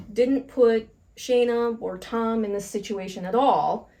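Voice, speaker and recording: A woman co-hosting a podcast, telling a workplace story in a frank, animated way and swearing casually. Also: mid-range voice. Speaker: podcast co-host.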